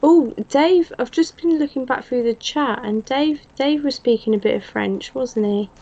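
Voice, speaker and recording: A woman's voice: high-pitched, normal speed, dark tone. A woman from England co-hosting a live watch-along in casual chat, giggling and reading out viewer comments. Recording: slightly muffled stream audio.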